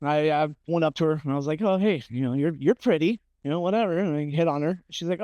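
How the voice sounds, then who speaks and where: A young man on a casual podcast, swearing freely and telling animated stories with acted-out quotes. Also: on the high side, fast talker, hardly any pauses, no echo, clean studio sound.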